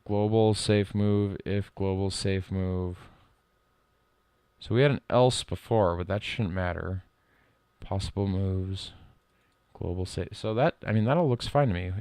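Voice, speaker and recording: A middle-aged man streaming live code work, reading lines aloud and thinking out loud in a casual way. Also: on the low side, moderate pace, smooth, no echo. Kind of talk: casual live-coding commentary.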